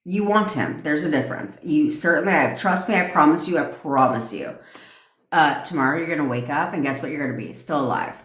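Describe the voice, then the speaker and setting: A woman's voice: low-pitched, lively intonation, fairly quick, fairly bright tone, echoey room. A woman coaching on a livestream, ranting bluntly and profanely and answering viewers' comments. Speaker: manifestation coach. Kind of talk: casual livestream rant.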